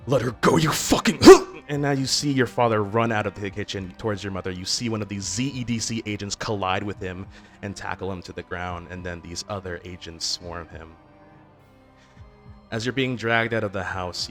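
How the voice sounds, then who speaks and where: Low-voiced guy narrating a second-person roleplay, casual, lots of uhs and restarts. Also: fairly bright tone. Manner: informal, with fillers and restarts.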